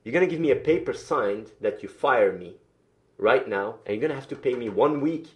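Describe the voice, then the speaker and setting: A man telling a story on a livestream, animated, swearing, often restarting his sentences. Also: mid-range voice, brisk. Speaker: streamer.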